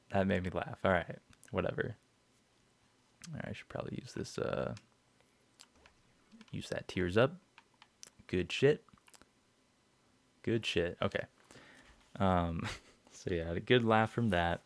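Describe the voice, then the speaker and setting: A young male podcast host rambles through an episode recap, full of fillers, swearing, and chuckles. His voice is low and gravelly, and he speaks slowly, pausing often.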